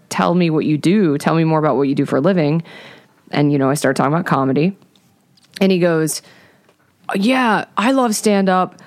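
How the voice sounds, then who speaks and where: Female comedian, chatty storyteller, bright quoted voices, dry close sound. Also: sits low, dry recording. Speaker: comedian guest. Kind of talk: casual chat, storytelling.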